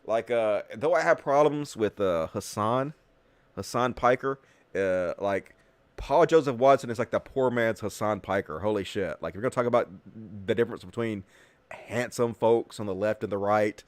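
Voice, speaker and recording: A man's voice: lowish voice, moderate pace, no echo. A man hosting a political commentary show, talking in a sarcastic, mocking and profane way. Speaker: host.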